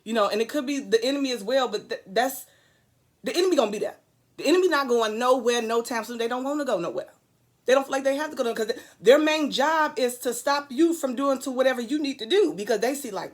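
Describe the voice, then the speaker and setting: A woman's voice: high-pitched, quick pace. A woman giving an earnest, preachy motivational talk to camera, hammering points home with repetition and drifting into rambling asides. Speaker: vlogger.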